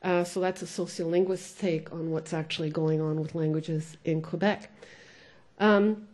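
A woman's voice: sits low, steady tone, moderate pace, a little mellow. Bilingual woman giving a lecture. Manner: thoughtful, switches between English and French, frequent "uh" fillers. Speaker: sociolinguist giving a talk. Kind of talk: conference lecture.

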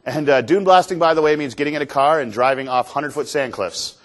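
A man from Canada telling an animated, self-deprecating story as a motivational speaker on stage. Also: on the high side, fast talker. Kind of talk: storytelling keynote talk on stage. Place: stage before an audience.

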